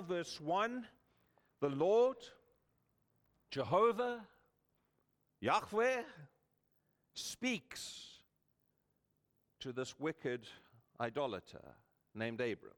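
A man preaching a sermon, telling stories earnestly with dramatic pauses and repeated words. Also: high voice, a bit bright, long reverb tail.

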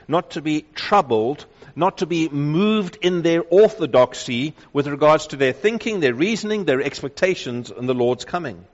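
A man preaching a sermon, reading scripture aloud and slowing down to stress key phrases with emphasis. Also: mid-range voice. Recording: dull lo-fi sound with long hall reverb.

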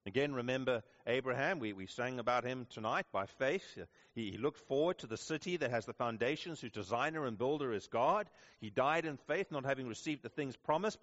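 Earnest preacher man, lo-fi recording. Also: medium pitch. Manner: earnest, rising to intense questioning then softening. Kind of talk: sermon. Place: church service with congregation.

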